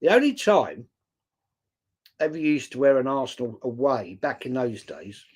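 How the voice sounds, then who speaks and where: A man's voice: mid-range voice, very animated, moderate pace, darkish tone, breathy edge. Chatty sixty-something English man. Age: 60s. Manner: chatty storyteller, swears casually, greets viewers by name. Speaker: live stream host. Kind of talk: casual chat reading viewer comments.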